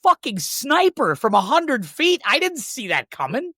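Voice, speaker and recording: A man hosting a podcast, chatting casually and telling stories with lively swearing. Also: very high-pitched, a little slow, no room sound, clean studio sound. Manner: animated storytelling with profanity. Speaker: podcast host. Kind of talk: casual chat.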